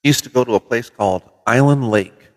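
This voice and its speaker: A middle-aged man from Minnesota hosting a casual livestream from his CB radio shop, telling relaxed folksy stories with mild swearing. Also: medium pitch, brisk, in a large hall. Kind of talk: casual livestream chat with viewers. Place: CB radio shop in New Mexico.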